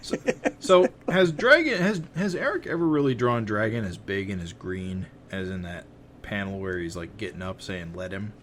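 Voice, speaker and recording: A man with a deep, low voice co-hosts a casual comic-book podcast. He sounds thoughtful and measured, pausing on "uh" as he weighs his points. A faint layer of noise sits in the background. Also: expressive, a bit bright. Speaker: podcast co-host.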